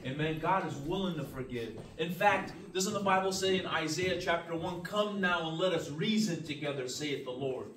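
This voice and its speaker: A man's voice: on the high side, normal speed, hardly any pauses, a bit bright. A man teaching a church Bible class as pastor, earnest and emphatic, with frequent amens and restarts. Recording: roomy, distant mic, faint hiss.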